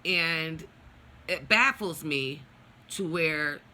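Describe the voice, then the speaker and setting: A woman's voice: low voice, drawn-out words, bright, forceful tone. A middle-aged woman vlogging a personal story, venting in a blunt, profane, heated way.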